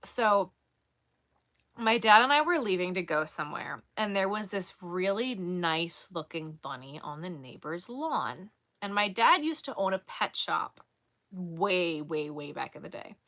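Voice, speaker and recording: A woman vlogger casually telling a story in an animated, exasperated way. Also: on the low side, a little slow. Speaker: crochet vlogger.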